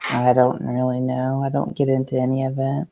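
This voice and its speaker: A woman's voice: extremely low pitch, level tone, normal speed, creaky, warm tone, slight background noise. A woman hosting a casual livestream, chatting with viewers, reading comments aloud and laughing easily. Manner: chatty, laughs often, reads chat aloud. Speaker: livestream host. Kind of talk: casual live-stream chat. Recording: glitchy livestream audio.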